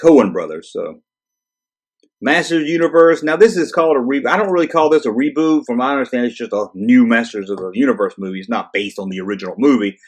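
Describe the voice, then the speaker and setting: A man's voice: medium pitch, animated, quick pace. Exasperated man ranting casually. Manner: exasperated, sarcastic, swears freely. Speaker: channel host.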